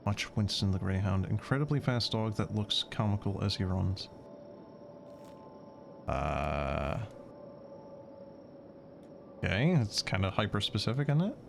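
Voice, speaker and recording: A male game streamer answers chat in a sarcastic, profane, casual way. His pitch swings a lot, and a faint hiss sits under the voice. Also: lively intonation, measured pace, gravelly, pauses often.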